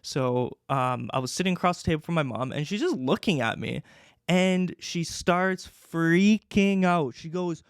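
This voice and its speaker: A man's voice: fairly high pitch, lively intonation, a little slow, clean tone, dry recording, clean studio sound. A young man from Canada hosting a podcast, telling his story casually with many fillers. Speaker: podcast host.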